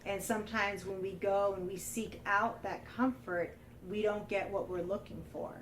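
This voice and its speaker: A woman's voice: mid-range voice, normal speed, recorded from a distance, slight background noise, rough recording. A woman vlogging in a candid, casual storytelling monologue, acting out what other people said. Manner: candid, animated, mimics others in quotes. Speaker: lifestyle vlogger.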